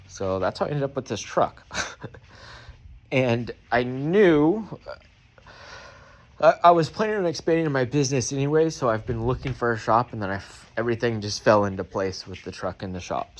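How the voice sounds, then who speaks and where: A young man telling a rambling, profane story in casual talk, a mechanic describing how he fixed a truck. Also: mid-range voice. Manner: profane, rambling, quick asides. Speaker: mechanic and small business owner.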